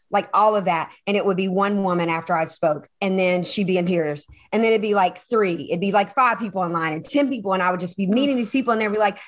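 A woman guest on an interview show, telling a personal story with animated delivery, acting out her own past dialogue and laughing often. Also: medium pitch, fast, hardly any pauses. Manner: addresses listeners as y'all. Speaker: podcast guest, sales coach.

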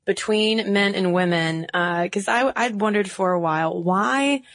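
A woman's voice: mid-range voice, unhurried, no room sound, clean studio sound. A woman from the American South co-hosting a podcast in casual chat, laughing often. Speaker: podcast co-host.

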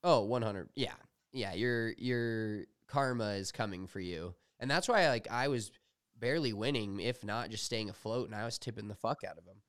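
A young man co-hosting a podcast, telling animated, profane stories in casual chat. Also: lowish voice, normal speed, clear, resonant tone, dry recording, studio quality. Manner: animated storytelling, swears freely. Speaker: podcast co-host.

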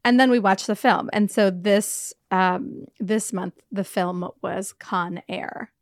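A woman's voice: medium pitch, takes it slowly, no echo, studio quality. A young adult woman co-hosting a podcast, telling a rambling story in casual chat and swearing freely. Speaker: podcast co-host.

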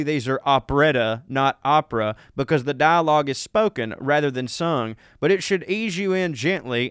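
Folksy Southern man, smooth dry voice. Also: on the high side, expressive, moderate pace, hardly any pauses, a bit bright, no echo. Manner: joking, folksy, self-mocking. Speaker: comedy podcast co-host. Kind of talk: casual chat, reading listener emails.

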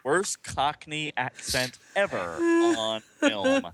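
A man trading jokes as co-host of a casual podcast. His voice is bright and ringing, and his pitch swings widely as he riffs. His tone stays playful from line to line. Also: slow pace, a little hiss or hum. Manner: joking, playful, lively asides. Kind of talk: casual chat.

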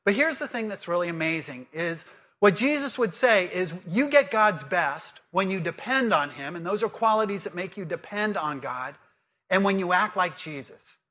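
A man delivers a sermon in a high, bright voice. He quizzes the congregation and then settles into earnest teaching. He reads scripture aloud slowly. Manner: lively call-and-response with the congregation. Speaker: pastor.

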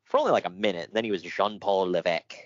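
A man's voice: sits low, expressive, very fast, no echo, highs cut off. A man co-hosting a casual chat, reading out notes with jokes and frequent laughter. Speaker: podcast co-host.

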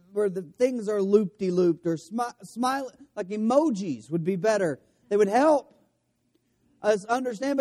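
High, mellow-voiced male pastor. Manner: casual, self-correcting, with joking asides. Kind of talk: conversational sermon.

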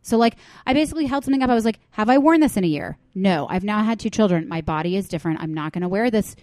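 A woman's voice: mid-range voice, expressive, very fast, a little mellow, dry recording. A woman in her thirties co-hosting a podcast, telling stories in a chatty, self-mocking way. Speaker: podcast co-host. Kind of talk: casual chat.

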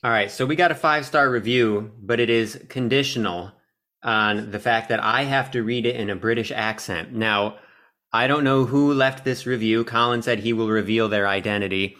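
A man co-hosting a casual podcast in a mid-pitched voice. He hedges and stalls with ums, making fun of himself. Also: normal speed, pushed and bright. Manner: self-deprecating, hesitant with ums. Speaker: podcast co-host. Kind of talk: casual chat.

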